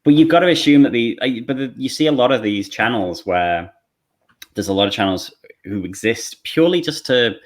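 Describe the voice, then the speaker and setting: A man's voice: medium pitch, animated, fairly quick. A man co-hosting a podcast, talking in a rambling way with frequent restarts. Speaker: podcast co-host. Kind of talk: casual podcast chat.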